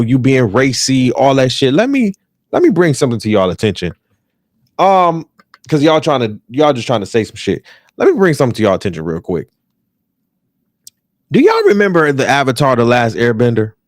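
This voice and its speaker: A man's voice: a little high, dry recording, studio quality. An American man with an African American English accent hosting a podcast, ranting casually and profanely, repeating phrases for emphasis. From United States. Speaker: podcast host.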